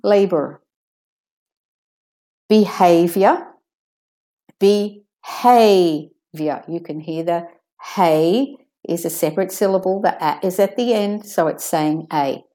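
A woman teaching English pronunciation, saying example words slowly and carefully. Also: fairly low pitch, warm tone. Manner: slow, careful, drawn-out word demonstrations.

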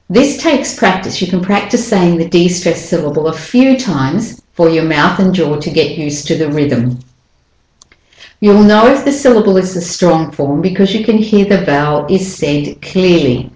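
Slow, low-voiced woman teaching pronunciation. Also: darkish tone, roomy sound, rough recording. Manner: slow, careful, deliberate demonstration of sounds. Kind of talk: spoken English pronunciation lesson.

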